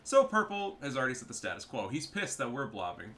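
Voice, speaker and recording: A man's voice: medium pitch, sing-song, a little fast, hardly any pauses, a bit bright. A man giving profane, trash-talking commentary over a strategy game match. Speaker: gameplay commentator.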